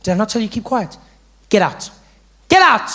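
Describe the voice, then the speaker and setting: A man playing a strict, fed-up woman schoolteacher who yells at her pupils. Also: extremely high pitch, racing, pitched above the performer's own voice. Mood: angry. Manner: scolding, yelling commands.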